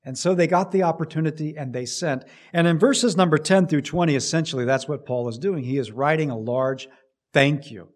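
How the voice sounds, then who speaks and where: A man's voice: on the high side, brisk. A man preaching a sermon as pastor, with emphatic swells and sudden drops in volume.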